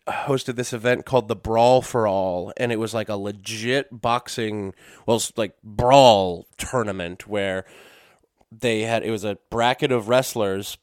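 A man's voice: fairly low pitch, fairly even intonation, measured pace, clean tone, no room sound, studio quality. A man hosting a casual solo podcast, rambling and correcting himself, with lots of fillers and some swearing. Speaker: podcast host. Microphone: dusty podcast microphones.

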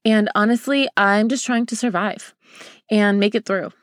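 A young woman hosts her podcast in a casual, confiding way, speaking to the listener like a close girlfriend. She sounds open and emotional. Her voice sits at an average pitch, recorded close and dry with no room echo. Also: moderate pace. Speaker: podcast host. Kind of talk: casual heartfelt podcast talk.

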